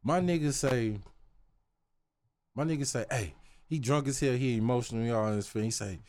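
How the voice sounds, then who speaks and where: A man's voice: mid-range voice, fairly quick, darkish tone, a little hiss or hum. A man in casual chat, telling a story emphatically and swearing freely.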